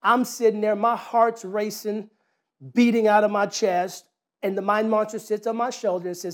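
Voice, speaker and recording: Animated storytelling preacher, a man. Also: high voice, moderate pace. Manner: animated, conversational, repeats words, asks rhetorical questions. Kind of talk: sermon with personal storytelling.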